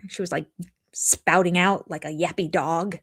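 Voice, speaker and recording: An older woman chats live with her viewers, her voice sitting a little low. She rambles casually, restarting her sentences and slipping into quoted asides as she goes. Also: steady tone, unhurried, breathy edge. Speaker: livestream host of a reality TV recap channel.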